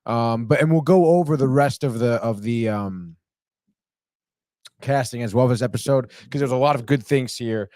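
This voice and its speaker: Brief: casual male podcast host, mid-pitched, swears freely, dry close mic. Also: moderate pace, a little mellow, no echo. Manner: rambling, profane, says "dude" a lot. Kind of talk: casual TV episode recap.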